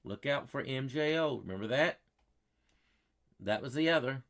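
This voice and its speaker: A man's voice: medium pitch, expressive, normal speed, fairly bright tone. A man hosting a live weather stream, chatting with viewers in a folksy, repetitive way and quizzing his chat. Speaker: weather livestream host.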